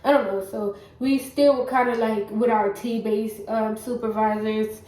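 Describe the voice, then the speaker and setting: Woman, stuffy congested voice, mellow tone, rambling casual vlog chat, echoey room. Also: a little high, fairly even intonation, measured pace. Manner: rambling, many fillers and self-corrections; does her hair while talking. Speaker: vlogger giving work-from-home job advice.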